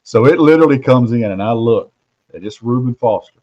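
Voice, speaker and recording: A man hosting casual sports talk. He tells stories animatedly, dropping to hushed asides and rising for loud punchlines. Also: medium pitch, lively intonation, a little fast. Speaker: host, recruiting reporter. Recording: muffled lo-fi audio.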